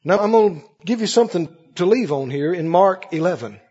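A preacher in a big church hall, his high voice leaping all over the place as he shifts between ringing cries and hushed asides. His tone is husky. The recording sounds muffled and carries a long hall echo. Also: expressive, a little fast. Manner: preacherly call-and-response, swinging from loud high cries to low murmurs. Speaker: pastor. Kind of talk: sermon.

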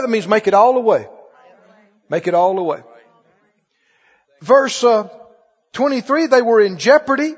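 High-voiced husky preacher in an echoey hall. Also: male voice, lively intonation, unhurried, long pauses, muffled recording. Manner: quizzes the congregation with repeated questions. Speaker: pastor. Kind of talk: sermon.

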